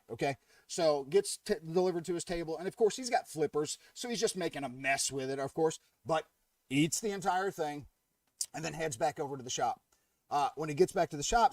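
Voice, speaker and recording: A man's voice: a little high, animated, a little fast, a little mellow, no echo, distant mic. A man hosting a casual live-stream chat, jokey and chatty, laughing at his own jokes and greeting viewers. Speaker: livestream host.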